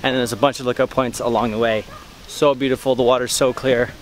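A man's voice: mid-range voice, little pitch movement, quick pace, slight background noise. A young man talking to a handheld camera outdoors on a hiking trail, upbeat and joking. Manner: upbeat, joking, laughs a lot. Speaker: vlogger. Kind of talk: casual hiking vlog.

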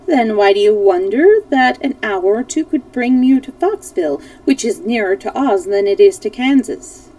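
A woman voicing a gracious, jovial male fox king who speaks in a courtly, flattering manner. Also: fairly high pitch, normal speed, hardly any pauses, far from the mic, low-quality recording.

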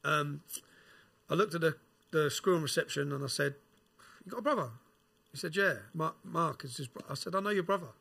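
A man telling a prison story as a podcast guest, animated, swearing and using slang. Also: fairly high pitch, fairly quick, vocal fry, slightly rough. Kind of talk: casual storytelling.

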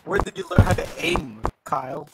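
Casual gamer man, teasing, pushy, game gunfire loud in the mix. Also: a little high, huge pitch swings, normal speed, heavy background noise. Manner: teasing, urging teammates on. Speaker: gamer playing with friends. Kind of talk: casual voice chat while gaming.

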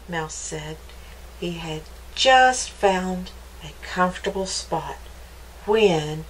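A woman reading a picture book aloud to children for a library storytime, stopping often to ask them gentle, playful questions. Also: on the low side, slow pace, slight background noise, low-quality recording.

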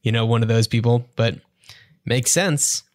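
A man's voice: medium pitch, unhurried, no echo. Chatty man podcast co-host, dry sound. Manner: chatty, summarizing with frequent fillers. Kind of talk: casual chat.

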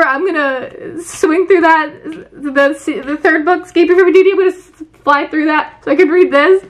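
A young woman chatting casually in a book vlog, excitable and full of fillers. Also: high voice, a little fast. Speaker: book vlogger.

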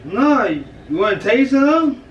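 A man's voice: very high voice, very animated, slow pace, highs cut off, background noise. A man talking casually to the camera in a home kitchen, slangy and chatty, calling his viewers fam. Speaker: prank vlogger, husband. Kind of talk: casual vlog talk to camera. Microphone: camera set on top of refrigerator.

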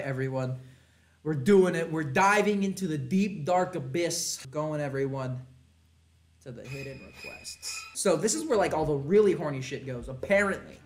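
A man casually reading fan messages on a vlog, animated and jokey, laughing and swearing often. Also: on the high side, fairly quick, soft background music. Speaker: content creator.

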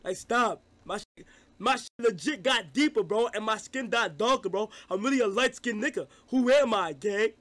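Loud excitable young man streaming live. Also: high-pitched, normal speed. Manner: loud, excitable, profane banter with chat.

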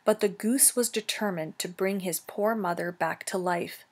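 A woman teacher reading a children's novel aloud, slow and careful, correcting herself now and then. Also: medium pitch, a little mellow, slightly rough.

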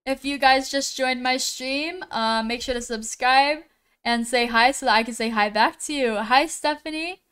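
A woman live-streaming a game, reading names from the chat and greeting viewers one by one, often pausing on how to say them. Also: high voice, a bit bright, clean tone. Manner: slow, unhurried delivery with frequent "um"s.

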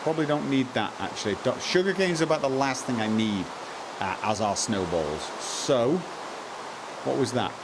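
A man streaming live gameplay, muttering to himself, repeating lines and breaking into excited outbursts. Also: mid-range voice, normal speed, background noise.

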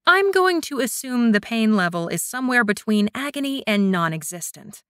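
A woman's voice: a little high, very animated, normal speed, fairly bright tone, smooth, no echo, clean studio sound. A woman voicing a flustered, determined young female warrior who speaks with indignant insistence.

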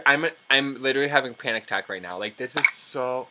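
A man's voice: mid-range voice, normal speed, hardly any pauses, background noise. A young man hosts an unboxing vlog in a bubbly, gushing way. He keeps chatting straight to his viewers, his mid-range voice jumping into squeals and gasps of delight. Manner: gushing and excitable, squealing and gasping often. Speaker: channel host.

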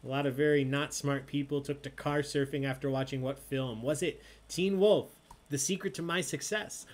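A man hosting an online trivia night, announcing questions and scores in a loud, playful way. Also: medium pitch, fairly even intonation, moderate pace. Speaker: trivia host.

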